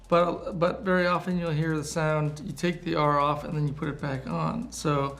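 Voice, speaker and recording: A man's voice: a little high, steady tone, moderate pace, hardly any pauses, a bit bright. A man from the Boston area, an actor in an interview, easygoing and explaining with examples. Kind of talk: casual interview chat.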